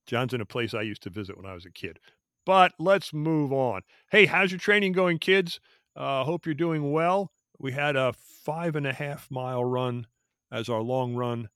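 A man's voice: medium pitch, a bit bright, dry recording, studio quality. Friendly man hosting a podcast. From Philadelphia area. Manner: friendly, folksy, asks questions to the group. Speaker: podcast host. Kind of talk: casual chat.

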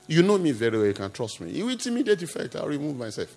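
A man preaching a sermon in a slightly husky, rather high voice. He swings from hushed asides to sharp, raised rebukes, firing rhetorical question after question with a wildly varying pitch. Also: sing-song, quick pace, hardly any pauses. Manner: impassioned, swings from quiet asides to loud rebukes. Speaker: pastor.

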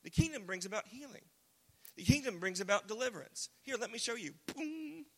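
A man preaching a casual, joking sermon, now and then shouting single words for emphasis. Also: high voice, lively intonation, fast. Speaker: pastor. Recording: long hall reverb.

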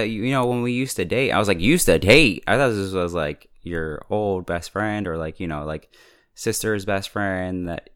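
Chatty low-voiced man recapping a show. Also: smooth. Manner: chatty, filler-heavy, laughs often. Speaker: TV episode reviewer. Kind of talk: casual recap commentary.

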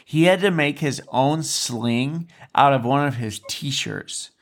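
Slow and mid-range, this man's voice belongs to a podcast guest who is a former resident. He tells stories casually and earnestly, repeating himself and often restarting sentences.

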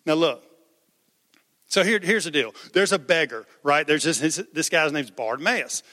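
A man's voice: fairly high pitch, lively intonation, moderate pace, sharp tone, long reverb tail. A man preaching a sermon as pastor, conversational, raising his voice for quoted cries.

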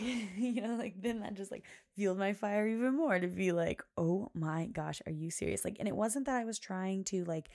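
A woman's voice: medium pitch, gravelly, darkish tone, dry recording, studio quality. A young woman hosting a podcast, telling a rambling, casual story full of fillers. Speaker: podcast host. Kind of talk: casual chat.

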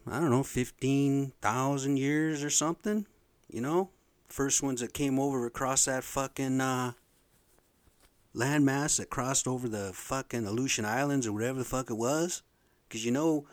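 A blunt middle-aged man from the Pacific Northwest rants on his own podcast, swearing freely and getting louder as he gets worked up. His voice sits at an ordinary pitch, and it is recorded close on a dry mic. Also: dry recording. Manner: profane, blunt and animated. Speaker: podcast host. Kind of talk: casual rant monologue.

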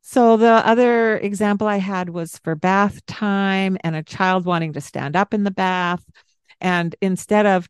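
A woman co-hosting a parenting podcast, talking in a calm, gentle way and explaining with examples. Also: medium pitch, measured pace, clean tone, no echo, studio quality. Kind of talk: casual podcast advice.

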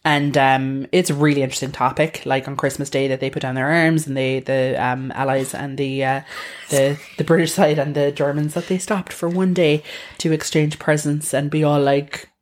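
A woman's voice: low-pitched, fairly even intonation, moderate pace. A woman co-hosting a podcast in casual chat, rambling through tangents with lots of fillers. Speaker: podcast co-host.

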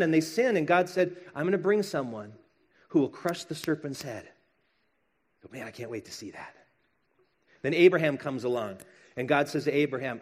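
A middle-aged male pastor delivers a sermon in a relaxed, conversational tone. His voice sits a little high for a man, and he slips into playful quoted voices to make his points.

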